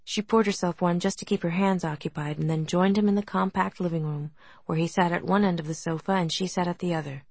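A woman narrates a novel in a soft, gentle reading voice. Her tone sits low and a little husky. The recording is close and dry, with no room sound. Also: steady tone, quick pace, dry recording. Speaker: audiobook narrator. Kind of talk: scripted narration.

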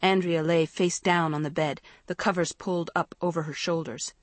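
A woman narrating a story in a measured, expressive reading. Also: lowish voice, no room sound. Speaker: audiobook narrator. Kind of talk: scripted narration.

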